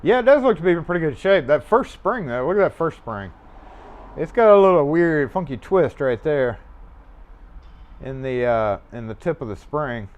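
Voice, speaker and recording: A man with a fairly high, expressive voice chats at moderate pace during a casual livestream from his locksmith shop. He rambles offhandedly while working a lock, cursing and chuckling now and then, and the mobile mic muffles the sound.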